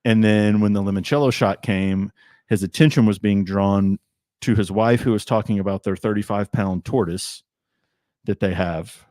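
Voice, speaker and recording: A man's voice: fairly low pitch, normal speed, a little mellow, no room sound, studio quality. A man hosting a livestream from a tasting room, chatting casually and telling rambling anecdotes. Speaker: livestream host. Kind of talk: casual chat over drinks.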